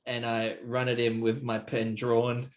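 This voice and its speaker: Slow, amused tabletop player man. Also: medium pitch, completely flat delivery, dull audio. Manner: unhurried, amused, hesitant fillers. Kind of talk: playing a tabletop game.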